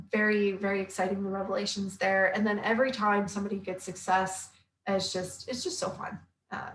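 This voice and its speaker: A woman's voice: mid-range voice, fairly bright tone, slight background noise. Chatty woman in a roomy room. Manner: chatty and upbeat, quick asides, many fillers. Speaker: health coach and author. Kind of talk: casual live-stream chat, reading viewer comments aloud. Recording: roomy echo.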